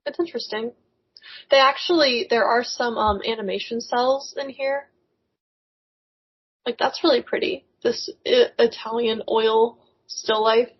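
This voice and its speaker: A young adult woman co-hosting a podcast over a remote call, chatting casually in an excitable, rambling way that often tips into giggles. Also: a little high, a little slow, slightly rough, dull audio. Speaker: podcast co-host. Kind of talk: casual chat. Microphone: remote call microphone.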